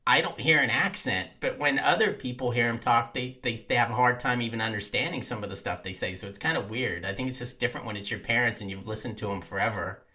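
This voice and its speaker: A man chatting casually, telling relaxed stories with a wry sense of humor. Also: mid-range voice, quick pace, hardly any pauses. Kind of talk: casual chat.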